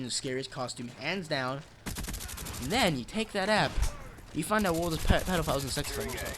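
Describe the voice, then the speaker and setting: Brief: male vlogger, slightly high voice, rambling dark-joke delivery, noisy track with clicks and gunfire. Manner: rambling, dark-joking, self-interrupting. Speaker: channel host. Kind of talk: joking rambling vlog.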